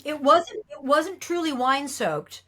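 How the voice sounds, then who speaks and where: Animated woman telling a story. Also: high-pitched, slow pace, slight background noise. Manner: lively storyteller, acts out quoted lines, laughs often. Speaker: guest actress.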